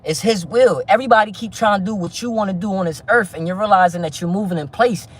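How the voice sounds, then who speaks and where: A man's voice: high-pitched, fast. A man hosting a livestream, rambling to his viewers about faith and keeping it real, full of street slang, profanity and stumbling restarts. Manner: stumbling restarts, frequent "you feel me". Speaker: livestream host. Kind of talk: casual livestream chat with viewers.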